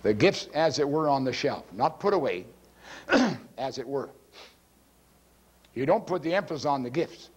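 A male pastor preaching a teaching sermon from a church pulpit, forceful and emphatic, swinging his pitch widely and often clearing his throat. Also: sing-song, unhurried, pauses often.

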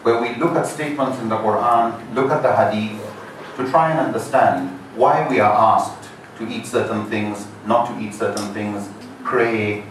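Man, lecturer, explanatory delivery, very echoey room, noisy background. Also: lowish voice. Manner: measured, explanatory, rhetorical questions. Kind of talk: introductory lecture. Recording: echoey hall, mic far off.

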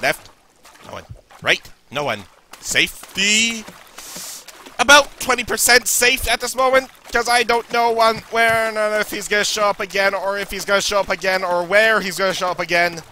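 A nervous young man from Canada talks his way through a horror game, muttering to himself and panicking aloud. His voice sits high and very bright. A faint hiss runs under the recording. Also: animated, normal speed. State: losing his voice. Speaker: let's play gamer.

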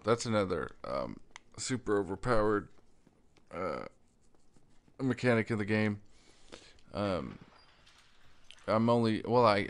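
Low, gravelly man rambling over gameplay. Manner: rambling, full of fillers and restarts; stutters while explaining. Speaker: let's play gamer. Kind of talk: casual gameplay commentary.

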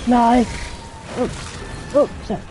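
A woman plays a game live and keeps up a running stream of startled remarks and swearing. Her voice is mellow and a little high, with faint noise underneath. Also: fairly even intonation, slow pace, poor audio. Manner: swears a lot, startled exclamations. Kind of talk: casual gameplay commentary.

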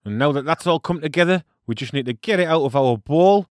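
A man's voice: on the high side, lively intonation, a little fast, dry recording. Chatty Teesside man, dry close sound. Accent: Teesside English. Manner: chatty and jokey, with local slang and playful French words. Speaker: cooking show host. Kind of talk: casual cooking demonstration.

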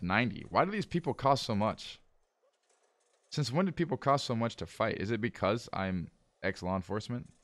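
This man talks casually with his viewers as he streams a game, switching between relaxed play-by-play and frustrated outbursts. His voice sits a bit low. The sound is close and dry, with almost no room. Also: dry recording. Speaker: livestreamer playing a management game. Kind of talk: casual live gameplay commentary.

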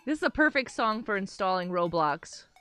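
A woman's voice: mid-range voice, lively intonation, normal speed, a bit bright, smooth, faint music behind. A young woman hosting a casual gaming livestream, chatting to her viewers and laughing often. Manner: bubbly, chatty, laughs often, talks to chat. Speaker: livestream host.

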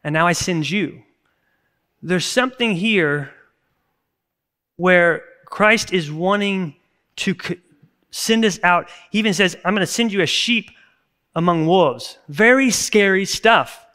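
A man's voice: high voice, slow, long pauses, pushed and bright. A man in his thirties, a pastor preaching a sermon in a conversational, earnest way, breaking into sudden bursts of emphasis. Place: church service recording.

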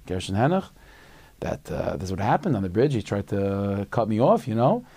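A man's voice: lowish voice, very animated, normal speed, warm tone, breathy edge, no room sound, heavily acted. A man voicing a proud, indignant old chassid in a told story, complaining in an offended tone.

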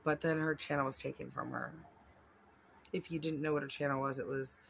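A woman's voice: low-pitched, little pitch movement, fairly quick, a bit bright, slight background noise. A woman vlogger chatting casually while unboxing gifts at home, rambling and gushing with lots of fillers.

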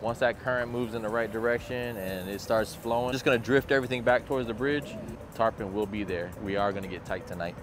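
A man hosting his fishing vlog from a boat on a bay at night, relaxed and joking, swearing casually. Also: lowish voice, brisk, over music. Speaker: fishing channel host.

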